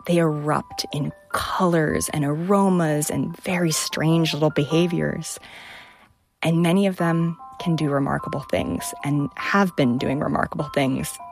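Low-voiced woman telling vivid science stories. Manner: vivid, enthusiastic storytelling. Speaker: microbiologist. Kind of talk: storytelling talk, stage and interview.

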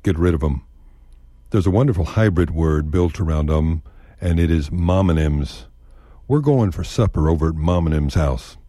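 A man's voice: extremely low pitch, moderate pace, dark tone, no echo, clean studio sound. A man with a Texan accent telling stories in a folksy, wry scripted narration. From Texas. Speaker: radio storyteller.

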